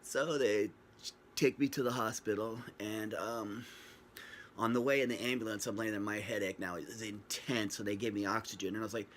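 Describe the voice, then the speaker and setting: Rambling man with a low voice. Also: fairly even intonation, normal speed, slight background noise. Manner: rambling, joking, acts out quoted dialogue. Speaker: vlogger telling his own story. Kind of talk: casual storytelling to camera. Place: at home, facing a screen camera. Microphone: built-in camera mic.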